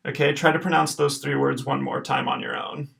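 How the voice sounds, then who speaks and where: A man teaching a recorded homework lesson over slides, explaining step by step in a patient way and checking in with a quick okay. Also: mid-range voice, flat delivery, creaky, a bit bright. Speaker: Latin teacher.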